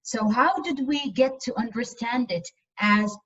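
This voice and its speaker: A woman's voice: on the high side, measured pace, fairly bright tone, slightly rough. Woman lecturing over a muffled video call. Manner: earnest, emphatic with frequent repetitions. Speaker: university lecturer. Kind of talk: online lecture.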